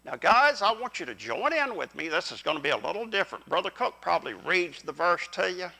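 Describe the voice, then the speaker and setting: Older pastor guy preaching, high bright voice, kinda gravelly, folksy, talks right at the congregation. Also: very animated, brisk, poor audio. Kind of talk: sermon. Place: church sanctuary.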